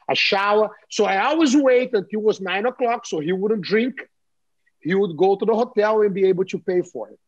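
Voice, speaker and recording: A Brazilian-accented man in his fifties is talking as an interview guest, with a husky, fairly high voice. He tells stories in an animated way, circling back and repeating words as he goes. The audio is dull and lo-fi. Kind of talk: casual interview storytelling.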